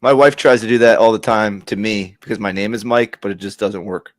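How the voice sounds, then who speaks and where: Fast-talking joking podcast host. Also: male voice, lowish voice, steady tone, no echo, clean studio sound. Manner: joking, quick, repeats himself. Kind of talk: casual sports chat. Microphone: remote video call.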